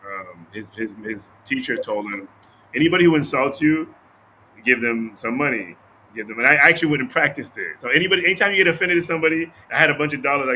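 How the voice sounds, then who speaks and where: Male podcast host, animated storyteller, fast and bright, faint background noise. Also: mid-range voice, low-quality recording. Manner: animated storytelling with laughs and restarts. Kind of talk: casual conversation.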